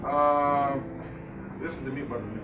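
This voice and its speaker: Over loud music, a man with a fairly high, rather flat voice speaks a little slowly as he runs a home-recording workshop in a music store's workshop room. He's the instructor giving a live demo, explaining mic technique in a casual, rambling way packed with fillers like "like".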